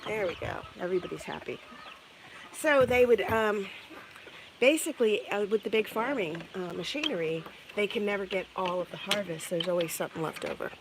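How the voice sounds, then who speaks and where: A woman's voice: medium pitch, brisk. Chatty woman outdoors on a farm. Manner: chatty, rambling, laughs often. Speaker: vlogger. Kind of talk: casual storytelling while doing farm chores. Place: outdoors on a farm by chicken pens. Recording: outdoor recording with clear background noise.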